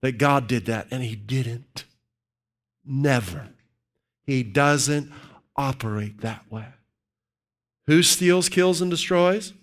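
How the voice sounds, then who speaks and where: A man preaching a sermon, asking his congregation questions and shifting from loud, emphatic reading of scripture to low, quiet asides. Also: slow, pauses often.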